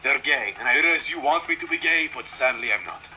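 A man's voice: medium pitch, expressive, fairly quick, sharp tone, soft background music. A young man co-hosting a casual game video, teasing his friend with mock-arrogant banter.

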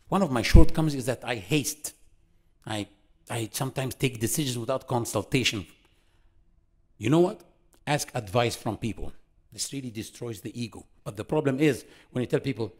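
A man giving a religious lesson to an audience, animated and full of rhetorical questions, acting out quotes. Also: mid-range voice. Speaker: Islamic lecturer.

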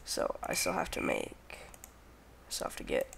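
A young man hosts a casual let's play on his gaming channel, talking to himself as he crafts and counting under his breath. His voice is unhurried and a bit bright, with a little hiss or hum in the recording.

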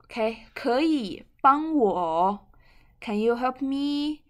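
Slow, patient woman teaching a language. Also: high voice, lively intonation. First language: Mandarin Chinese. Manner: patient, repeats each word slowly and glosses it. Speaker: Chinese teacher. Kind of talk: bilingual language lesson.

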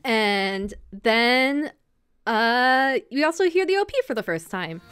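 A woman's voice: fairly high pitch, expressive, fairly bright tone, smooth, soft background music. Chatty woman podcast host recapping anime. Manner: chatty, acts out characters' lines in quick asides. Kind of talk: casual chat recapping an anime.

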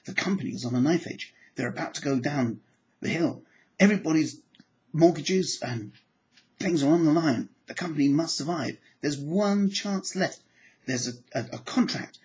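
A man teaching applied psychology to camera, animated and acting out his examples. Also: muffled recording. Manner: animated, acts out examples with sudden pitch jumps. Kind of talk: lecture to camera.

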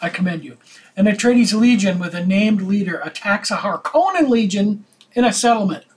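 A man with a husky, breathy voice chats over a board game. He reads cards aloud in a dry, teasing way while munching popcorn. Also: high voice, expressive, moderate pace. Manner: chewing popcorn while talking.

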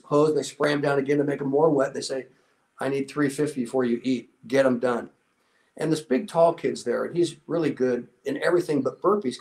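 A man's voice: vocal fry, poor audio. Earnest older man telling a story. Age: 60s. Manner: earnest, motivational, quotes people in a softer low voice. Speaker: interview guest, former special warfare instructor. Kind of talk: conversational storytelling.

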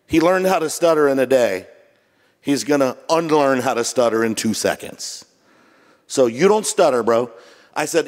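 A middle-aged pastor with a medium-pitched voice preaches at a moderate pace, joking and conversational despite being jet lagged. The church auditorium gives the recording a long hall reverb.

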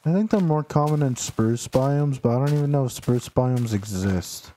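A man's voice: mid-range voice, animated, normal speed, mellow, slight background noise. A young man streaming a game live, rambling casually, chatting to viewers and teasing game characters in mock outrage. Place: home room, sitting in a noisy chair.

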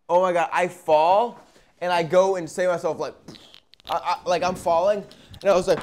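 A young man telling a story in a casual, profane, animated way, with sudden loud bursts and quiet asides. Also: sits high, normal speed. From Arizona. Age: young adult.

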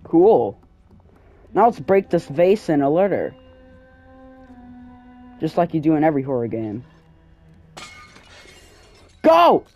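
A young man commentating his horror game play, swinging from low mutters to excited yelling, sometimes out of breath. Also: a little slow, long pauses, soft background music. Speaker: gameplay streamer.

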